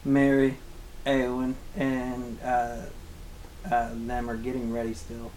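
A man's voice: medium pitch, completely flat delivery, slow pace, darkish tone, a little hiss or hum, low-quality recording. A man in his twenties co-hosting a podcast, casually retelling movie scenes with profane jokes. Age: 20s. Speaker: podcast co-host. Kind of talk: casual movie recap chat.

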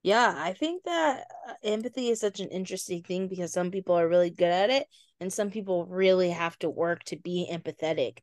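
A woman co-hosting a faith-based podcast, explaining ideas calmly with examples and quoted dialogue. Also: fairly low pitch, dry recording, studio quality. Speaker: podcast co-host. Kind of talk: casual chat.

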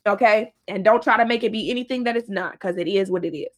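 A woman telling a casual story about her dating life, animated and profane, laughing often and breaking into high-pitched outbursts. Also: quick pace.

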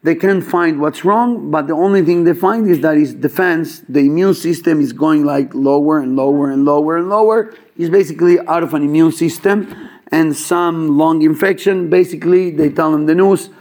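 Man, casual storyteller, slightly high voice, filler-heavy, acts out dialogue. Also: normal speed. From Chabad yeshiva student background. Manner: animated, acts out quoted dialogue, many fillers. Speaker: storyteller at a gathering.

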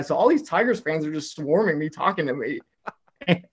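A young man from the American South telling an excited story in casual chat, filling his talk with "like" and acting out what people said. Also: a little high, brisk, husky. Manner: excitable storyteller, heavy "like" filler, acts out quotes. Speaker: guest telling a travel story.

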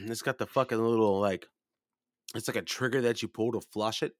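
A low-voiced man around thirty chats casually, stringing profane stories together with lots of filler. When he rants his voice jumps high and loud. The sound is dry and close. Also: steady tone, moderate pace, no echo. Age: 30s. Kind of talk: casual storytelling chat.

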